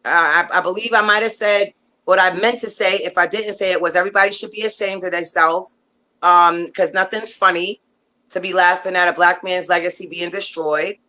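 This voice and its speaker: A woman guest telling a long story in casual chat, animated and rambling, with lots of fillers and restarts. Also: fairly low pitch, normal speed, poor audio.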